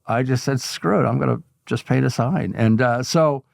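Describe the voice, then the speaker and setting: An older man, a guest artist telling stories in a casual interview, animated and chuckling as he goes. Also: medium pitch, normal speed, creaky, no room sound.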